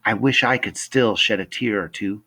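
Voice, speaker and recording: A man voicing a gentle, sorrowful elderly woman in a storybook reading. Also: fairly low pitch. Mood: tender. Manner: soft, slow, tender. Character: old woman Mrs Griffin, gentle and sad.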